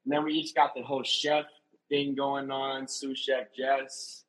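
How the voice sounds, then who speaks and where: A man's voice: medium pitch, level tone, unhurried, a loud crowd, low-quality recording. A young man and reality show contestant chatting casually in an interview, telling stories in a laid-back way with laughter. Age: young adult.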